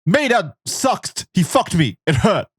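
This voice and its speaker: A man's voice: high voice, very animated, slow, husky, no room sound, clean studio sound, pitched above the performer's own voice, full character voice. A man playing a thirteen-year-old boy. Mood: boyish. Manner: raised, boyish reading voice.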